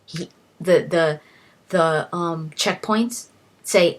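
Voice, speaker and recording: A woman's voice: on the low side, a little slow. Casual young woman rambling through a recap. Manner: rambling, quotes characters with "he's like", frequent restarts. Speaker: video uploader retelling a novel's plot.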